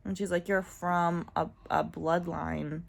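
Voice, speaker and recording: A woman's voice: fairly low pitch, steady tone, slow pace, gravelly. A woman talking casually and candidly in a personal vlog, full of fillers and asides. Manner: chatty and candid, many fillers, laughs often. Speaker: vlogger.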